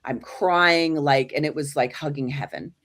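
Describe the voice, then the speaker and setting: A woman with a low voice tells a personal story as an interview guest. She talks casually, with fillers and restarts. She jumps into lively acted voices when she quotes people. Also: unhurried. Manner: animated storyteller who acts out quoted voices.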